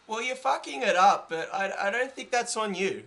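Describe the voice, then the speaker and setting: A man's voice: high-pitched, lively intonation, normal speed, creaky, sharp tone. A man hosting a casual podcast chat, full of ums and dry sarcasm. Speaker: podcast host.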